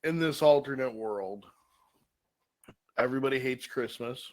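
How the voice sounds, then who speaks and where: A man's voice: mid-range voice, measured pace, rough recording. A man co-hosting a comedy show, telling a made-up bar-fight story with lots of swearing. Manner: profane, energetic storyteller. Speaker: podcast co-host.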